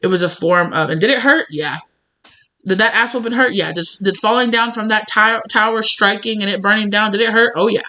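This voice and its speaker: Bright-voiced woman giving a rambling tarot reading. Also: mid-range voice, fairly quick. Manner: rambling, conversational, full of "you know" and acted-out mini dialogues. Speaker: tarot reader. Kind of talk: spiritual tarot reading monologue.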